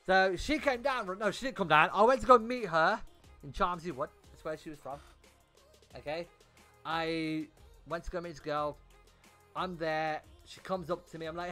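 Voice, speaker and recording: A man's voice: high voice, expressive, moderate pace, sharp tone, faint music behind. A young man on a gaming livestream, telling a story casually and animatedly, swearing and repeating words as he goes. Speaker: gaming streamer.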